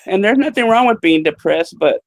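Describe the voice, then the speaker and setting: A woman from the South with an unusual Southern accent and a very deep voice, teasing the others during a stream. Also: expressive, fairly quick, dry recording. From American South. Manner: teasing, sassy. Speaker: stream guest. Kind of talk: casual banter.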